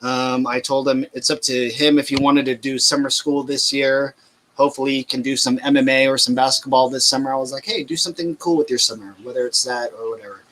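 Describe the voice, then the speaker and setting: A podcast host in his thirties with a mid-range voice speaks briskly in a bright, forward tone. In relaxed, chatty casual conversation, he rambles loosely through shout-outs and swears freely.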